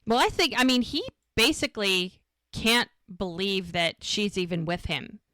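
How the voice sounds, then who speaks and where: A woman co-hosting a podcast, recapping a TV episode in a casual, animated way and quoting the characters as she goes. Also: mid-range voice, moderate pace, no echo. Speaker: podcast co-host.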